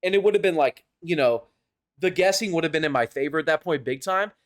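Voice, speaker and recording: A man's voice: a little high, fast. A young man casually commenting over his own tournament footage, rambling and self-critical, swearing and laughing at his mistakes. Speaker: gaming YouTuber reviewing his own tournament match.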